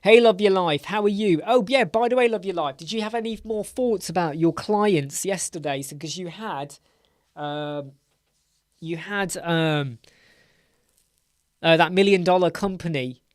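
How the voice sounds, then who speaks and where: A man's voice: high-pitched, measured pace, no room sound, studio quality. A middle-aged man from England hosting a casual live Q&A stream. He sounds tired and yawns now and then, chats loosely and greets viewers by name. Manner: chatty, greets viewers by name, repeats words. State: tired, yawning. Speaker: livestream host.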